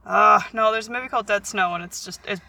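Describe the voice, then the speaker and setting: A woman's voice: medium pitch, fast, gravelly, pushed and bright. A young woman co-hosting a podcast in casual chat, blunt and jokey, swearing freely. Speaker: podcast co-host.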